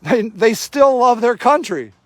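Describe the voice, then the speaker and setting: Very high-voiced indignant man. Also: lively intonation, a little slow, dry recording. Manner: indignant, sarcastic, swears freely. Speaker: activist filming a livestream. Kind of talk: live running commentary. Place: outdoor homeless camp in snowy cold.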